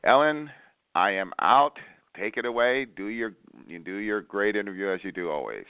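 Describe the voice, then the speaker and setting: A man's voice: on the low side, lively intonation, moderate pace, smooth, no echo. A man hosting a radio talk show, joking boisterously in on-air banter over a tinny phone line.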